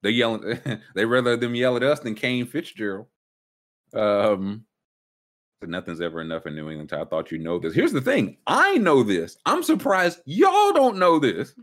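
Guy hosting a sports podcast, voice swings all over, big emphatic rants. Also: moderate pace. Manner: animated, emphatic ranting with rising pitch jumps. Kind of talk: casual sports talk.

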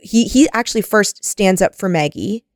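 Woman co-host, mid-pitch, chatty plot recap, dry recording. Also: expressive, moderate pace, no room sound. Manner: chatty, heavy use of "like", retells plot. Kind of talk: casual book discussion.

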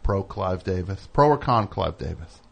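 A man's voice: low voice, animated, moderate pace, creaky, slightly rough. Opinionated, teasing radio host man. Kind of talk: casual radio chat. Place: radio studio.

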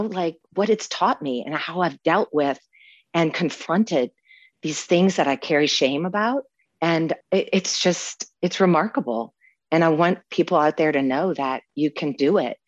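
A woman's voice: fairly low pitch, no echo, muffled recording. A woman in her fifties from New Orleans, sharing her recovery story with heartfelt, tearful joy and frequent laughter. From New Orleans, USA. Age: 50s. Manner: heartfelt, tearful yet joyful, laughs often. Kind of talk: emotional personal testimony.

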